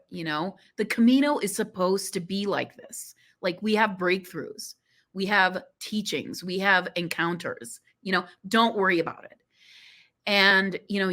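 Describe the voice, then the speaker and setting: A woman guest on a podcast telling a personal story in an animated, emotional way, often saying "you know". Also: medium pitch.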